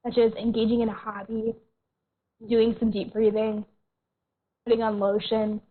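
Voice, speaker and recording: A woman counselor leads an online workshop in a gentle, reassuring voice, pitched a little high, and keeps clearing a tickle from her throat. The sound is thin and tinny, like a phone line, from a computer mic on a video call.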